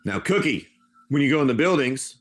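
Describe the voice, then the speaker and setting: Hosting a live stream as game master, a man narrates a tabletop wasteland adventure, rambling loosely and calling on his players by name. His mid-range voice moves briskly with lively intonation.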